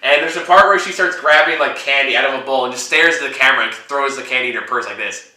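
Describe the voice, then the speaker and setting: A man's voice: mid-range voice, fast, bright, forceful tone, reverberant. A man hosting a casual movie review chat, laughing often and ranting with plenty of swearing. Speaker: host.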